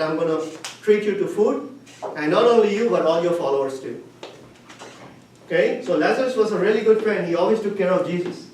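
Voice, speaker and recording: High-voiced man teaching a Bible class. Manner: retells stories with questions to the class. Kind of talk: teaching a Bible lesson to listeners. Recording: echoey room, far from the mic, faint hiss.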